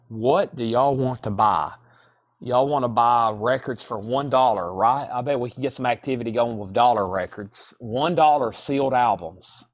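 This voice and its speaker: A man hosting a live-streamed vinyl sale from a record store, chatting casually and rattling off titles and prices. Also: medium pitch. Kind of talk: live-stream sales patter.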